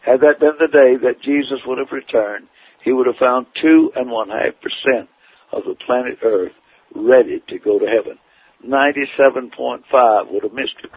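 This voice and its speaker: A man's voice: medium pitch, normal speed, breathy edge. A man preaching his testimony in an earnest, emphatic storytelling manner. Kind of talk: testimony sermon. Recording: tinny phone-like radio broadcast.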